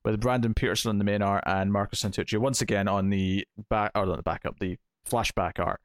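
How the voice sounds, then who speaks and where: A man's voice: lowish voice, fairly even intonation, a little fast, no room sound, clean studio sound. A man co-hosting a comic book podcast, recapping issues in a rambling, casual way with many fillers. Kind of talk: casual chat.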